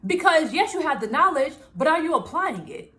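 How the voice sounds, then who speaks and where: Woman, high voice, casual vlog talk, lively and laughing, plays out her inner thoughts. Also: normal speed. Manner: animated, laughing, acts out her own inner voice. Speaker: small business owner and vlogger. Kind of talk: casual self-help talk to camera.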